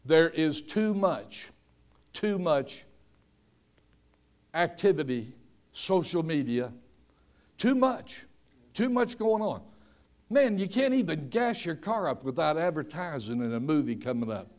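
An older man preaching a sermon, telling homespun stories and rising from quiet asides to shouted emphasis. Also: fairly high pitch, expressive, a little slow, pauses often. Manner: storytelling, swings from soft asides to shouted emphasis.

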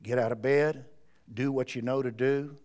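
Smooth-voiced preaching man. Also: mid-range voice, fairly even intonation, normal speed. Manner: preaching with wide swings between quiet and loud. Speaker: pastor. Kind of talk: sermon. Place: church.

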